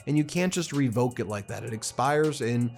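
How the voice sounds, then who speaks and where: A man's voice: medium pitch, expressive, moderate pace, creaky, a little mellow. Male political commentator, indignant and impassioned, faint music behind.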